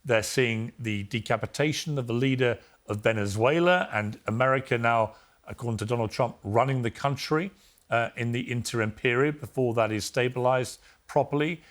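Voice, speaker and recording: Casting note: middle-aged male talk show host, brisk, cuts in to steer the debate, mid-pitched. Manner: brisk, interrupting. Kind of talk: TV debate hosting.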